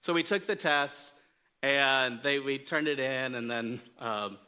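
Bright-voiced man preaching casually. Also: medium pitch, slow pace, clear, resonant tone. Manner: conversational, self-deprecating humor, frequent fillers and restarts. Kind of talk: casual storytelling sermon.

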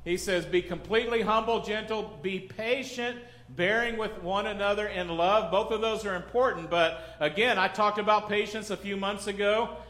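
A middle-aged pastor preaching a sermon in a loose, conversational way, joking, acting out little scenes and asking the congregation questions. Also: male voice, high-pitched, normal speed, few pauses, fairly bright tone. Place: church sanctuary. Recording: echoey church hall.

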